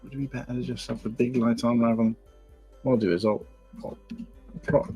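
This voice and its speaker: A man's voice: medium pitch, flat delivery, fairly quick, breathy edge. Chatty man hosting a live stream. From England. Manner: rambling, chatty, greets viewers by name. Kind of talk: casual live-stream chat. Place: home room at night. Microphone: desk mic, no headphones. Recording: faint background music. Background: quiet background music.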